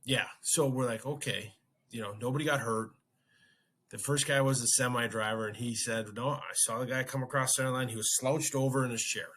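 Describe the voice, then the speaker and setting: A man's voice: mid-range voice, steady tone, fairly quick, a bit bright. A man hosting a podcast, casually telling a story and acting out his own reactions. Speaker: podcast host.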